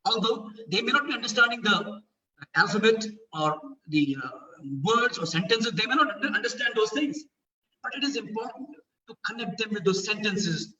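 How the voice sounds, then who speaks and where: Speaking to parents in a high, sharp voice, a man with an Indian English accent gives an earnest talk. He explains things step by step and poses rhetorical questions. The audio sounds dull and roomy, recorded from a distance.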